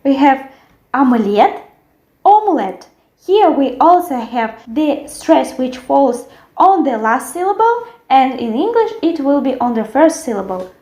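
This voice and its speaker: A woman teaching a language lesson, carefully repeating words slowly for learners. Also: high voice, big pitch swings, dark tone. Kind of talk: language lesson with word drills. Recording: echoey room.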